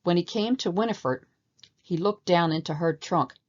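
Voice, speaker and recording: A woman narrating a storybook aloud in an expressive, animated way, on a slightly muffled recording. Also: fairly low pitch, moderate pace.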